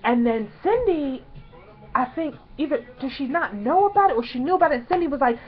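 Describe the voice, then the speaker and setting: A young woman vlogger telling a story in a casual, chatty way, excitedly acting out quotes in higher voices. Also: fairly quick, highs cut off.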